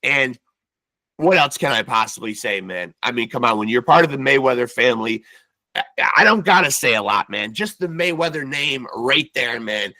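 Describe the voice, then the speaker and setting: Gravelly-voiced effusive boxing podcast host. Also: male voice, mid-range voice, expressive, normal speed, bright, forceful tone, no room sound, rough recording. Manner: effusive, rambling, repeats "man" a lot. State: losing his voice. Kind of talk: casual interview sign-off and promo. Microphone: video call setup.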